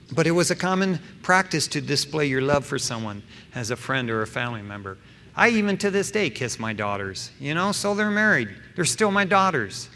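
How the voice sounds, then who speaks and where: A middle-aged man preaching a sermon as pastor, emphatic, swinging between loud stressed phrases and soft asides, with casual fillers like "you know" and "man". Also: fairly high pitch. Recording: long hall reverb with faint background noise.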